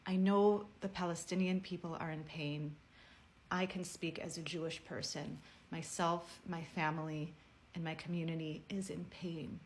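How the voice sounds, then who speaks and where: Woman, lowish voice, earnest and measured, heartfelt personal message to camera. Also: fairly even intonation, a little hiss or hum. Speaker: personal video speaker.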